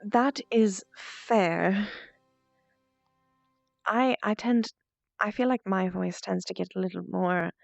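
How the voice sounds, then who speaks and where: Gravelly, muttering woman streamer. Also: medium pitch, normal speed, no room sound. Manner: stutters and mutters, trails into soft asides. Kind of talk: casual chat with stream viewers during VR role-play. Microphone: VR headset mic. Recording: dull lo-fi stream audio, faint music.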